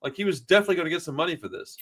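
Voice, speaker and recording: A man's voice: a little high, very animated, racing, fairly bright tone, slightly rough. A middle-aged man from Texas, a podcast host, telling a long rambling story in casual chat, swearing freely and calling everyone dude and bro. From Houston area, Texas.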